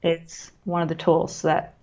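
A woman guest speaking calmly and at a measured pace, explaining her work with children, with frequent fillers and restarts. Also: sits low. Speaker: guest who works with children on emotions. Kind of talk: explanatory interview talk. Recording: slightly dull lo-fi audio.

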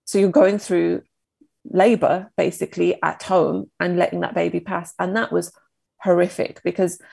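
A woman in her thirties, a podcast guest, recounting a painful personal story in a halting, emotional, reflective way. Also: fairly low pitch, steady tone, vocal fry, mellow, husky, dry recording.

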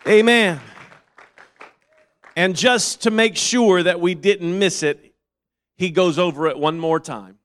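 A man preaching a sermon, reading and quoting scripture and repeating phrases, moving from quiet reasoning to loud, fervent calls. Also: high voice, unhurried, some chatter behind.

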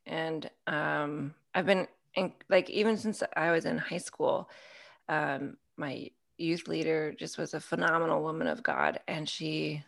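Female podcast guest, slight vocal fry, easy laugh, relaxed chat. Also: sits low. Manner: warm, laughs easily. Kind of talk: casual chat.

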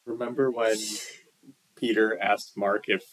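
Man, fairly low voice, relaxed, casual movie chat. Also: a little slow, poor audio.

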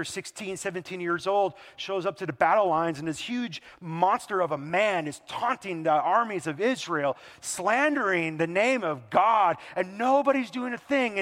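A man preaching a sermon as pastor, animated and full of rhetorical questions. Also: high-pitched. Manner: animated, rhetorical questions, acts out quoted voices. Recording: long hall reverb.

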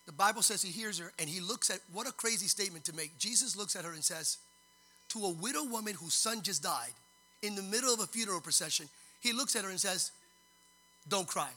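A man preaching a sermon, dramatic, moving from hushed storytelling to loud, sung-out exhortation. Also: sits high, animated, fast.

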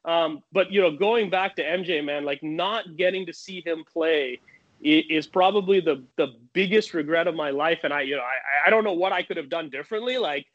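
Animated man telling a long story. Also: on the high side, highs cut off. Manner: animated, fast anecdotes with many restarts. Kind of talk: casual storytelling.

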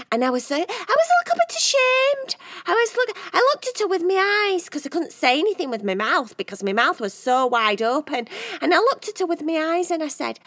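Woman as a gushing, over-the-top cat girl for a kids' bedtime story; bright, high and bouncy. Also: full character voice. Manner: dramatic, gushing and exaggerating. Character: dramatic, fibbing female cat who exaggerates.

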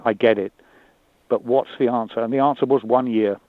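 A man's voice: mid-range voice, steady tone, brisk, no room sound. Man on a tinny line. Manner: hesitant, repeats words, thoughtful. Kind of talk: candid conversation. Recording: dry tinny phone-like line.

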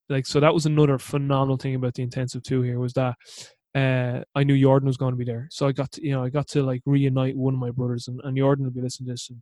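A man's voice: medium pitch, darkish tone, dry recording. Rambling Irish man, dry close sound. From Ireland. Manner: rambling, chatty, many fillers and restarts. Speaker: podcast host. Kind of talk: casual storytelling monologue.

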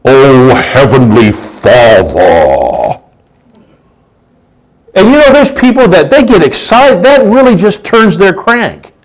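A man's voice: very high-pitched, expressive, moderate pace, rough recording. A man preaching a sermon in a conversational way, often repeating words and asking rhetorical questions.

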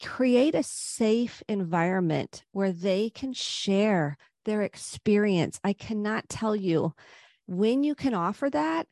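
Gentle, earnest woman therapist, dry sound. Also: mid-range voice, animated, slow, dry recording. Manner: earnest, gentle advice-giving. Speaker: psychotherapist guest. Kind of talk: podcast interview.

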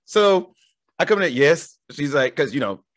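Lively man telling a story. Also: on the high side, moderate pace, no echo, clean studio sound. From Southern United States. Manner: animated, laughing storyteller who acts out voices. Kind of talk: casual storytelling chat.

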